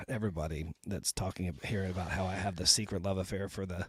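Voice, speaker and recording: A man's voice: low voice, steady tone, a little fast, breathy edge, no room sound, studio quality. A man from Texas hosting a comedy podcast, talking bluntly and with plenty of swearing. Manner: blunt, profane, emphatic. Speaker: podcast host. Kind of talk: casual comedy podcast chat.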